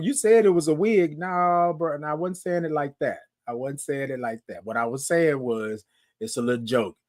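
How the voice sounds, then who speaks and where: A man hosting a live morning show, chatting casually with viewers, talking to them directly and often repeating himself. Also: fairly high pitch. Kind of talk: casual livestream chat.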